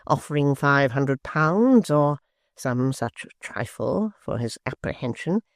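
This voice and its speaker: A sly, sneering male secretary, voiced by an audiobook reader, who talks in a silky, unhurried way and lets some words sink almost to a whisper. The delivery is very slow and dry, with a cold edge of mockery. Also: mid-range voice, expressive, vocal fry, darkish tone, no room sound. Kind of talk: audiobook character voice.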